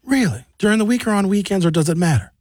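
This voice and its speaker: A man's voice: high-pitched, fast talker, no room sound. Outspoken radio host man, dry studio sound. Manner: animated, outspoken, storytelling. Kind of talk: opinionated talk-show banter.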